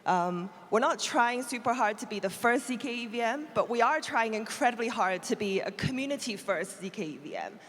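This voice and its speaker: A woman's voice: on the high side, animated, brisk, hardly any pauses, fairly bright tone. A woman introducing her project as a judge on stage, earnest with some fillers. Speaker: company representative, judge. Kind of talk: panel self-introduction. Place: large conference hall stage. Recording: reverberant large hall.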